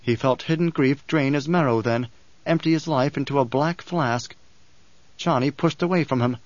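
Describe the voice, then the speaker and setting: A man narrating an audiobook in a measured, dramatic reading. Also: medium pitch, no room sound, dull audio.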